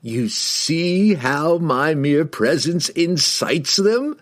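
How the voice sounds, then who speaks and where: A man voicing an arrogant, boastful male wizard tyrant who rants in a shrill, slow, grandiose shout. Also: expressive.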